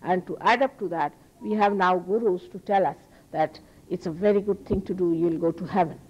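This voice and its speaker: With a lowish voice and a slightly quick pace, an Indian-accented woman gives a spiritual lecture to an audience, repeating phrases earnestly and emphatically for stress. She is a spiritual teacher, and the archival recording has its highs cut off.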